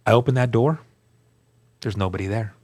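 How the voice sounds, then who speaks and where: A man telling his story as a guest, earnest and animated, acting out the dialogue he quotes. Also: on the low side, moderate pace. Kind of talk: storytelling testimony.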